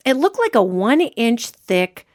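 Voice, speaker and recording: A woman hosting a podcast as a medium, an animated storyteller who acts out quotes in casual chat. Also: on the high side, a little slow. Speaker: host and medium.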